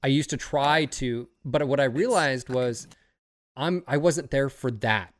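A man's voice: mid-range voice, a little slow, dry recording. A man talking in a casual podcast chat, rambling and profane, often getting fired up. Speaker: streamer and podcast host.

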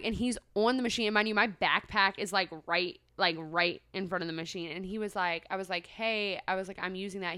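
A woman's voice: lowish voice, no echo, clean studio sound. A young woman co-hosting a podcast, telling a story in casual chat with lots of filler words. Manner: animated storytelling, many "like" fillers. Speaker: podcast co-host.

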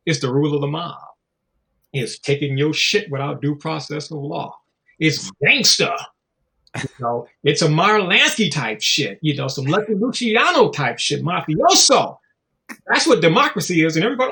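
A middle-aged man talking in a loose, casual conversation. His pitch swings widely as he tells stories, drops into slang and swearing, and mimics the people he quotes. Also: normal speed, vocal fry. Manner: animated storytelling, slangy and profane, acts out voices.

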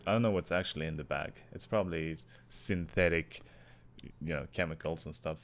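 A young Swedish man co-hosting a podcast in casual chat, deadpan and often swearing. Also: rumbling low, fairly quick, slight background noise. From Sweden. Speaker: podcast co-host.

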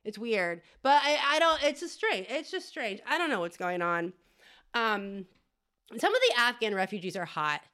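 Rambling bright-voiced woman comedian. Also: on the high side, expressive, normal speed. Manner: rambling, crude, keeps adding "okay?". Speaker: podcast host. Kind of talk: comedic monologue.

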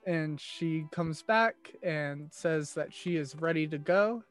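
A man's voice: a little high, slow, soft background music. Man thinking aloud as a player. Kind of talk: casual tabletop play.

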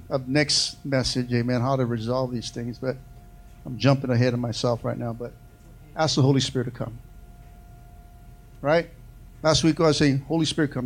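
A man preaching a sermon to his church, calling for amens and swinging from loud, quick bursts to slow, soft passages. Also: on the high side. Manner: preaching with call-and-response, repeated "amen" and "come on". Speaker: pastor.

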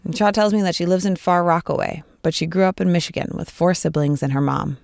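A woman radio producer narrating a story in a calm, matter-of-fact way. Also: on the low side, quick pace, gravelly, no echo.

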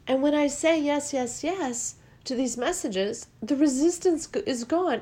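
A woman's voice: high-pitched, animated, measured pace, few pauses, darkish tone. A woman giving a reflective spiritual talk about listening to the body, earnest and repetitive, her voice rising with feeling and at times close to tears.

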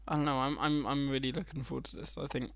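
A man's voice: medium pitch, fairly even intonation, fast, vocal fry, fairly bright tone. A man co-hosting a casual comedy chat, asking questions and easily amused.

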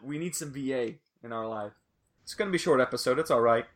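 A man's voice: medium pitch, quick pace, a bit bright. A young man hosting a casual sports podcast, rambling loosely and swearing now and then. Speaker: podcast host.

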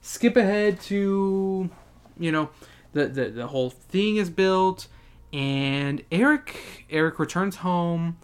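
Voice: medium pitch, lively intonation, slow pace, clear, resonant tone. Podcast host, rambling, profane, joking, casual book recap.

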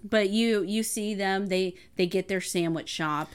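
A woman's voice: mid-range voice, unhurried, smooth. A woman co-hosting a podcast, adding corrections and details to a casual film recap. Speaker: podcast co-host. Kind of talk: casual movie recap chat.

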